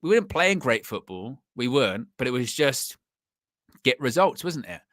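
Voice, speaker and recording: A young man hosting a live football fan stream, chatting in an animated way and laughing often. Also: medium pitch, normal speed, dry recording, studio quality. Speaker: football fan channel host.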